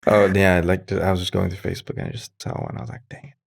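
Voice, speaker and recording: A man's voice: sits low, fast talker, gravelly. A man co-hosting a podcast in casual, laid-back chat. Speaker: podcast co-host.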